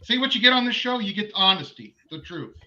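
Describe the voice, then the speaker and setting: A man's voice: high-pitched, very animated, fast talker, highs cut off, noisy background. A man co-hosting a casual live stream, joking and candid.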